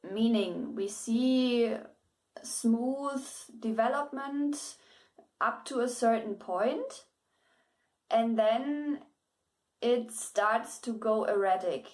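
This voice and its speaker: A woman's voice: a little high, extremely slow, a little mellow. A woman with German as her first language gives a casual spoken book review, hesitant, with many fillers, restarts and bits of laughter.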